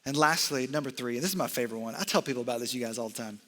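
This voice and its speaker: A young college ministry director gives an animated sermon, racing along at medium pitch and filling it with jokes and off-script asides. He's on a stage microphone in a large church hall, and a long reverb trails his words.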